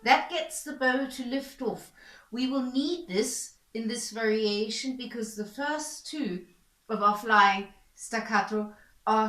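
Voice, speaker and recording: Woman, violin teacher, bright voice, calm patient step-by-step explanation, echoey room. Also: a little high. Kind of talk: instructional explanation. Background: violin playing between explanations.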